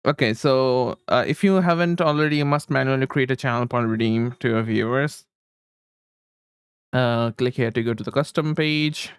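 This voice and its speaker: A man's voice: medium pitch, normal speed, clear, resonant tone, no echo, clean studio sound. A man livestreaming, rambling casually to his chat with frequent chuckles while he fiddles with settings.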